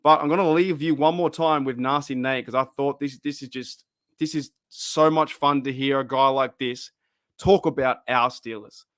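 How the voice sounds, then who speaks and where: A man's voice: medium pitch, fairly even intonation, normal speed, fairly bright tone, smooth, no room sound, studio quality. A man with an Australian accent hosting a fan live stream, chatting casually, laughing often and trailing off into restarts. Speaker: fan channel host.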